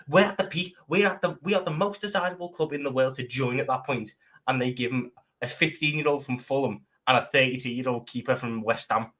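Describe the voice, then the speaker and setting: A man debating football as a fan pundit, animated, sometimes mimicking others mockingly. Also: mid-range voice.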